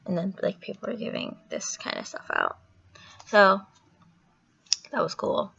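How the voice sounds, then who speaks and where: Here a young woman vlogger tells a story in a measured way, her medium-pitched voice gravelly with a breathy edge from a sore throat. The delivery is chatty, meandering and animated, thick with filler, and the audio has a muffled lo-fi quality.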